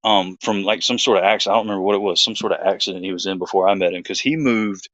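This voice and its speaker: A man's voice: deep voice, rapid-fire, fairly bright tone, no room sound, highs cut off. A man, hosting his own show, telling a story in a rambling, laid-back chat full of fillers. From Georgia, USA. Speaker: host.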